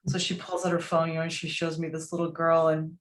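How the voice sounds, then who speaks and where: Woman, low voice, podcast guest, lively storytelling, acts out quotes. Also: fast talker, a little hiss or hum. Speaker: podcast guest, motivational speaker.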